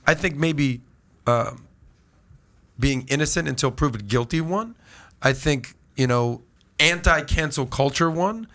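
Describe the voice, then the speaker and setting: A man co-hosting a podcast panel, chatty and quick with asides and rhetorical jabs. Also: fairly high pitch, a bit bright. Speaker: podcast co-host. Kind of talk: casual panel discussion.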